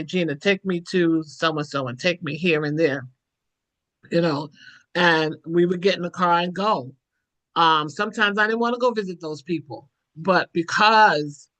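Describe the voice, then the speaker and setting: A woman's voice: fairly low pitch, a bit bright, dry recording. A woman in her sixties giving a heartfelt personal testimony as a guest on a church panel, in a reflective, storytelling way.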